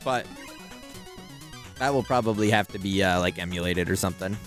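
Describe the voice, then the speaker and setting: A man's voice: sits low, moderate pace, fairly bright tone, faint music behind. A man streaming a video game, chatting casually and animatedly, swearing freely and laughing often. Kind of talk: casual live-stream chat.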